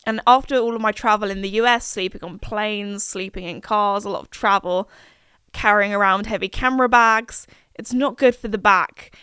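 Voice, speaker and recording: A woman's voice: medium pitch, normal speed, bright, forceful tone, clean tone, dry recording, studio quality. A young woman, chatting casually and rambling on her solo podcast, full of fillers and asides. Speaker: podcast host.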